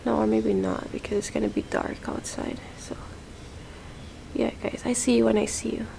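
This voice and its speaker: A woman's voice: a little high, fairly even intonation, moderate pace, gravelly, mellow, whispered, rough recording. A woman from Jamaica talking casually to her camera in an airport terminal, chatty and full of fillers. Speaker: vlogger.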